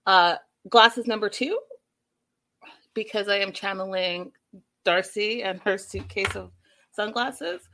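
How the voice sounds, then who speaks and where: A woman in her thirties chatting casually to her viewers as she recaps a reality show, animated and talking straight to them. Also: medium pitch, slow, long pauses, noisy background.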